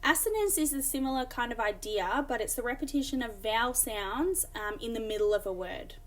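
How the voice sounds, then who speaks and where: A woman's voice: fairly high pitch, expressive, fairly quick. A woman teacher explaining a lesson and reading examples aloud, with frequent ums. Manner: explanatory, many fillers, reads examples aloud. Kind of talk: recorded classroom lesson.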